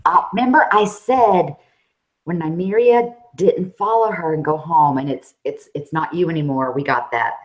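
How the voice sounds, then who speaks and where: A woman with a Southern US accent co-hosting a casual chat, talking in an animated, chatty way and laughing often. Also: sits low, normal speed, low-quality recording. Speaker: co-host.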